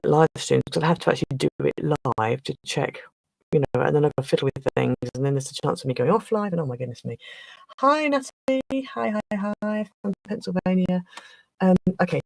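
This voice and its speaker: Lady rambling on her craft livestream, bit flustered, throat a bit rough, gravelly, dry close sound. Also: deep voice, darkish tone, no room sound, poor audio. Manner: chatty, flustered, trailing off and restarting. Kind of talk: casual livestream chat.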